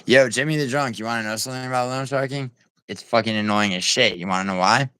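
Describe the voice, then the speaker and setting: A man's voice: medium pitch, fast talker, bright, forceful tone, clear, resonant tone, no room sound, poor audio. A man hosting a casual livestream, rambling with many fillers and restarts, swearing and answering chat. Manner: talks back to chat viewers. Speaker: livestream host.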